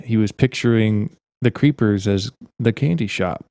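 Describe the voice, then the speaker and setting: A man's voice: fairly low pitch, measured pace, dark tone, dry recording, clean studio sound. A man co-hosting a podcast, chatting casually and making goofy, rambling jokes while playing a game. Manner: goofy, jokey, rambling tangents. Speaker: podcast co-host. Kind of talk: casual gaming chat.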